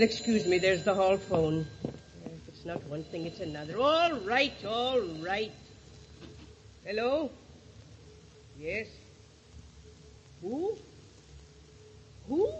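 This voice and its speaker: A woman's voice: medium pitch, a little hiss or hum. An actress playing a nosy, gossipy boarding-house landlady, chatty and suspicious, 1940s radio acting style. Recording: dull lo-fi old radio recording.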